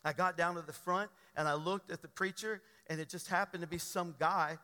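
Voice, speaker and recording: A man's voice: a little high, steady tone, brisk, pushed and bright. A man, a pastor, preaching a sermon and telling his own testimony in an earnest, emphatic storytelling manner. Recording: long hall reverb.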